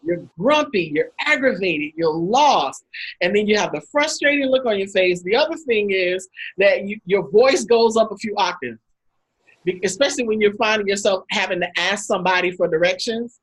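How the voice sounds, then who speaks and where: Woman host with a husky, breathy edge, chatting casually on a video call and acting out her stories. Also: medium pitch, normal speed, low-quality recording. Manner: animated anecdotes, acts out quotes with laughs. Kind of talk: casual storytelling talk.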